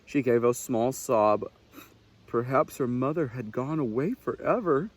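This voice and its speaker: A man, a naturalist, reading a children's picture book aloud with expressive, unhurried storytelling. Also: medium pitch, no room sound.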